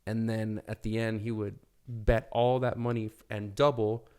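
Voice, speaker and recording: Low-ish guy on a podcast, rambly, restarts his sentences a lot. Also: level tone, moderate pace, a little mellow, smooth. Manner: rambling, lots of restarts and fillers. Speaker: podcast guest. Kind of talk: casual chat.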